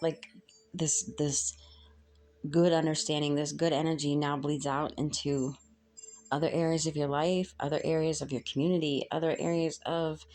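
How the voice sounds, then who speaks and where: A woman giving a casual spoken tarot reading, halting and earnest as she searches for words. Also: deep voice, darkish tone. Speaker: tarot reader.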